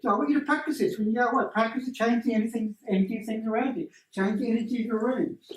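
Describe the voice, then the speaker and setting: A man leading a workshop, telling stories in a lively, animated way and acting out voices. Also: extremely high pitch, rapid-fire. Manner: animated storyteller who acts out voices. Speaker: energy healing workshop presenter. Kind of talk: casual teaching talk to a small group. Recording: roomy, distant room mic.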